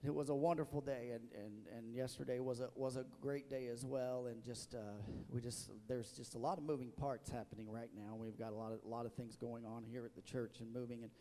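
A man's voice: medium pitch, flat delivery, brisk, few pauses, warm tone, slight background noise. Pastor guy preaching, choked up and stumbling over his words, long church echo. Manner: emotional, with many restarts and stammers. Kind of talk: sermon. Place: church sanctuary. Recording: long reverb of a church hall.

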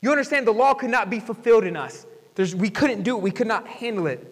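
High-voiced young pastor preaching in a reverberant hall. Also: male voice, animated, fast. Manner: casual slang asides. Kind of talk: sermon. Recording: church hall with long reverb.

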